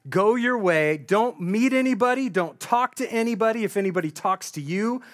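A man voicing an old male prophet giving firm, measured orders in a sermon retelling. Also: sits high, lively intonation. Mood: commanding.

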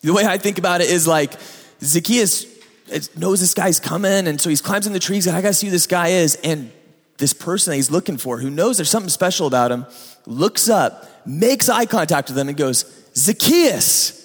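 A man's voice: a little high, brisk, slightly rough. A man preaching a sermon as a pastor, telling the story conversationally with asides to his listeners. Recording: echoey hall reverb.

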